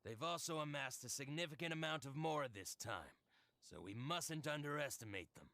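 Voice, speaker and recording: A man's voice: fairly high pitch, lively intonation, normal speed, sharp tone, no echo. An actor playing a zealous male cult follower in a game, who speaks in a cautious, devoted way. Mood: earnest.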